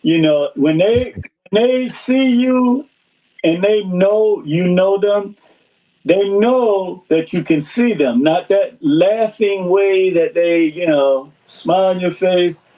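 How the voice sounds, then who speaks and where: A man who fundraises, chatting as a podcast guest, agreeable and quick to laugh. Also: sits high, warm tone, muffled recording. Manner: agreeable, laughs often, restarts. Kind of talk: casual conversation.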